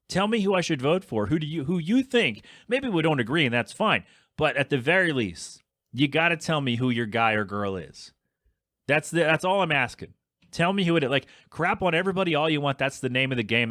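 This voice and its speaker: A man's voice: mid-range voice, fairly bright tone, dry recording, clean studio sound. A man, hosting a solo podcast, rambling and self-deprecating as he rants. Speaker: podcast host.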